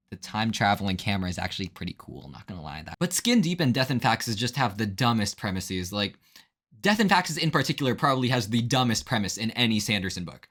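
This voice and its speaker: A man's voice: fairly low pitch, fairly bright tone. A young man giving a casual, rambling spoiler review full of fillers, often checking in with the listener. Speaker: book reviewer.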